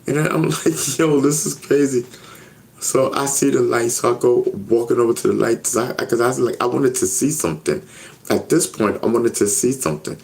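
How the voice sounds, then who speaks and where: A man's voice: mid-range voice, fairly quick, creaky, darkish tone. A man telling a personal story in a casual interview, earnest and repetitive, often checking in with "you know what I mean?". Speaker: interview guest.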